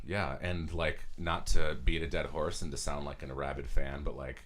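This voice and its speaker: A man's voice: rumbling low, level tone, normal speed, a bit bright, a little hiss or hum. A man hosting a casual podcast, chatting loosely with lots of fillers into a cheap mic. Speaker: podcast host. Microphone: beginner's studio mic.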